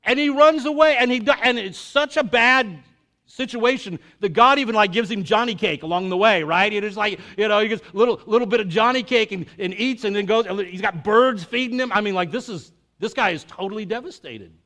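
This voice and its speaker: A man's voice: sits high, brisk. A man preaching a conversational sermon, telling stories with energy and asking the congregation questions. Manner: animated storytelling, acts out quotes. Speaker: pastor.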